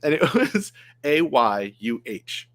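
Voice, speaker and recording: Relaxed man telling an anecdote. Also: mid-range voice, takes it slowly. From Maine. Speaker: guest filmmaker. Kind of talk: casual chat.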